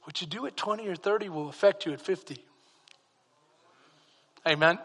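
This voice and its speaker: A man preaching a sermon with rising passion, at times shouting to his congregation. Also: high voice, moderate pace, husky. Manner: impassioned preaching that rises to shouts. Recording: long reverb of a large hall.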